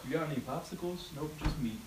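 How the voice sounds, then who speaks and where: A man's voice: fairly high pitch, lively intonation, fast, very noisy. A young man hosting a casual chat, teasing and joking, with a slight cough. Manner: joking, teasing, does goofy voices in stories. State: has a cough.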